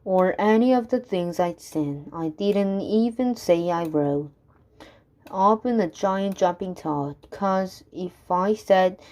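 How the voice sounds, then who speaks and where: A woman reading children's rhyming poems aloud in a measured, rhythmic way. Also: fairly low pitch, mellow. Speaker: reader.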